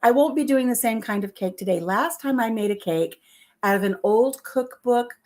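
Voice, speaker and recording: A woman's voice: on the high side, animated, normal speed, darkish tone. A middle-aged woman vlogging from her home kitchen, telling self-deprecating stories to her viewers and laughing often. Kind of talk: chatty storytelling to live viewers.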